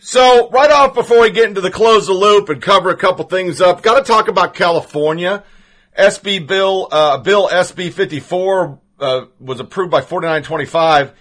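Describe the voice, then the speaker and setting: A man's voice: high voice, fairly bright tone. A man hosting a political podcast, talking casually and with strong opinions, stumbling over names now and then. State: has the hiccups. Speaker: podcast host.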